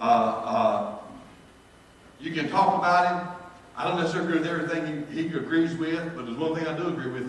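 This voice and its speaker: A man's voice: on the high side, a little hiss or hum. A male pastor, telling folksy, joking stories in a sermon. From North Carolina, US. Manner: folksy, jokey, builds to shouted praise. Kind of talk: storytelling sermon. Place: large church sanctuary. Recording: echoey church hall from far off.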